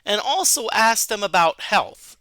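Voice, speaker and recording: Lively, high-voiced man. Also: a little slow, dry recording. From United States. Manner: talkative, restarts, reads game text aloud. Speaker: streamer playing a video game. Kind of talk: casual game commentary.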